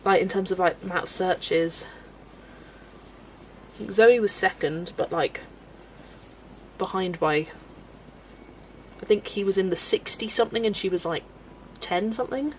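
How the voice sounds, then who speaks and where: A woman's voice: medium pitch, unhurried, long pauses, slight background noise, low-quality recording. A woman in her twenties with a West Country accent, chatting casually while colouring on a live stream, thinking aloud and laughing often. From England.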